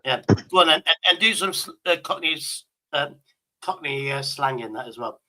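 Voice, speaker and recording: A man's voice: a little high, expressive, normal speed, pushed and bright, low-quality recording. A man hosting a stream in casual chat, crude, joking and rambling. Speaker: streamer host.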